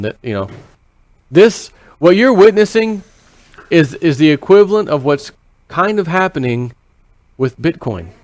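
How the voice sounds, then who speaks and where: A man's voice: medium pitch, dry recording. Rambling American man vlogging. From United States. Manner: rambling, repeats himself, swears casually; acts out inner voices with quotes. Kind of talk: casual opinion monologue.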